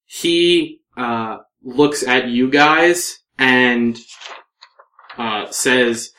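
A man narrating as game master in a tabletop game, with many pauses and fillers. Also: mid-range voice, pushed and bright.

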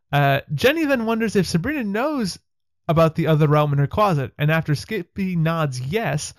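A man recapping a TV episode with wry asides, chatty and quick to laugh. His voice sits a little high and sounds close and dry, with no room around it. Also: no room sound. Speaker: podcast host.

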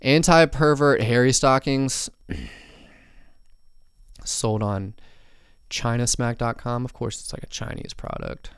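A man's voice: medium pitch, steady tone, takes it slowly, long pauses, smooth, no echo, studio quality. A young man hosting a podcast alone, rambling casually with lots of swearing, fillers and tangents. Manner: rambling, profane, many fillers and asides. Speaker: podcast host.

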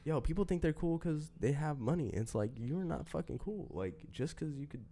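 A young man on a podcast who has just woken up, talking casually in a deep, hesitant way full of fillers. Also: animated, normal speed, mellow. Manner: rambling, hesitant, many fillers. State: just woke up, groggy. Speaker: podcast co-host. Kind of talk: casual chat.

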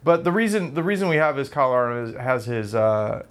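Man, podcast co-host, casual chat, rambling storyteller, self-deprecating, mid-pitched voice. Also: lively intonation, fairly quick.

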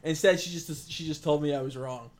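A man's voice: a little high, steady tone, brisk. Profane, emphatic young man chatting. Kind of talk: casual chat.

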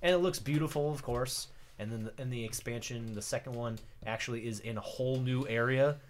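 Man, casual chat, animated storyteller, acts out voices, faint background noise. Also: medium pitch, brisk. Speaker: podcast co-host.

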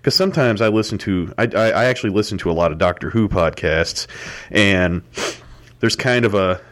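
Male podcast host with a low voice, casual, rambling solo monologue. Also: moderate pace, fairly bright tone. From United States. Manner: rambling, casual, many fillers.

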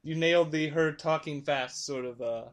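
A man hosting a casual podcast, easygoing and quick to laugh. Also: on the high side. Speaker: podcast host.

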